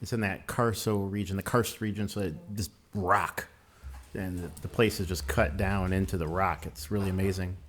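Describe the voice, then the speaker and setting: A man hosting a casual wine show panel, relaxed and halting with fillers. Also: sits low. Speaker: host and chef.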